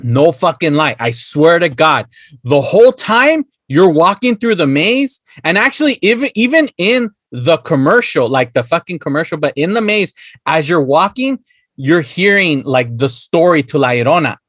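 A man's voice: fairly high pitch, lively intonation, moderate pace, fairly bright tone, no echo, studio quality. A man in casual banter who laughs a lot, swears and slips into Spanish phrases. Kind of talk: casual chat.

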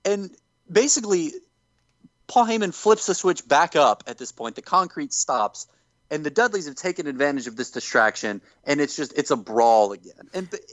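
A man in casual chat, retelling events in an animated way and acting out quotes as he goes. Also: fairly high pitch, fairly quick, no echo. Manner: animated storyteller who acts out quotes. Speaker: podcast co-host recapping wrestling.

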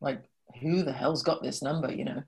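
A woman in her sixties from Liverpool, chatting as an interview guest and telling lively anecdotes that act out the voices of people in them. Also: a bass voice, moderate pace, creaky. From Liverpool, England. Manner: chatty and animated, acts out quoted voices. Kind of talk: casual storytelling in conversation.

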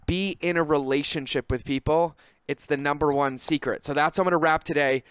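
Brief: male podcast host, motivational business talk, fairly high voice, dry close sound, direct and coaching. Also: fast talker, a bit bright, clear, resonant tone, dry recording. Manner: direct, coaching, rising emphatic delivery.

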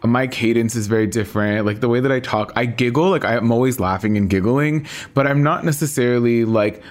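A man's voice: medium pitch, fairly quick. A man co-hosting a podcast in casual chat, rambling with lots of likes and laughing often. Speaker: podcast co-host.

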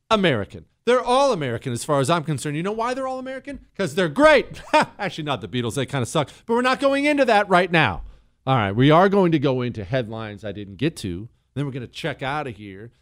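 A man hosting a call-in radio talk show, brash and joking as he talks. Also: on the high side.

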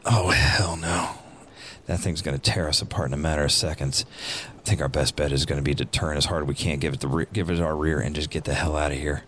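A man with an extremely deep voice playing a tabletop role-playing game, speaking in a casual, plain-spoken way. Faint noise sits in the background. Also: steady tone, quick pace, few pauses, fairly bright tone. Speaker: player. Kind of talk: in-character tabletop play.

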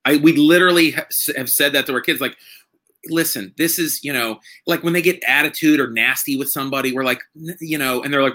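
Male podcast host, thirties, bright tone, loose and rambling delivery with lots of restarts. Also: fairly high pitch. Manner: rambling, halting, full of fillers and restarts. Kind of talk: casual conversation.

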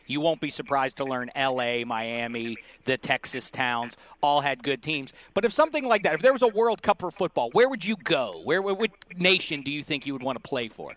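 A man's voice: medium pitch, animated, a little fast, few pauses, fairly bright tone. A man hosting a sports radio interview, playful and teasing, with rambling questions. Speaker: radio host interviewing an athlete.

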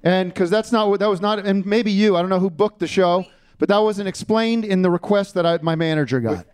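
A man performing a stand-up comedy bit as a guest, with halting, stumbling delivery and frequent restarts. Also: sits high, darkish tone, clean tone.

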